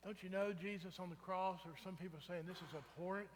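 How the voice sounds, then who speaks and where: A man's voice: high-pitched, fairly even intonation, a little fast, a little hiss or hum. A man preaching a sermon in a conversational way, often asking the congregation "right?". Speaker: pastor. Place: church sanctuary. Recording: reverberant church sanctuary.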